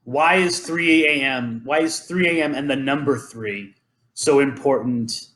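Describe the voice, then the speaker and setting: A man's voice: medium pitch, a little slow, a bit bright. A man hosting a podcast, chatting casually and rambling through legends with many ums and restarts. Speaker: podcast host. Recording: roomy echo.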